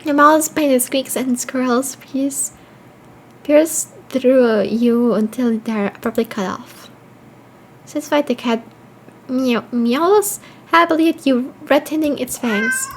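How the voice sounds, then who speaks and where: A woman with a high voice plays through a horror game on stream. She reads the game's text aloud and breaks off to react, swearing and laughing. A faint hiss of noise sits behind her voice. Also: slow pace, poor audio.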